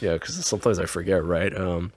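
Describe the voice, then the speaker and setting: A man co-hosting a podcast in casual chat, telling an animated story with acted-out quotes and frequent laughs. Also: deep voice, fairly quick. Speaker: podcast co-host.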